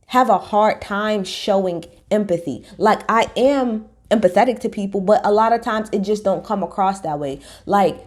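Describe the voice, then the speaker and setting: A woman vlogger in casual chat, candid and slangy, swearing freely and mimicking others as she recaps. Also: medium pitch. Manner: animated, mimics others mid-story.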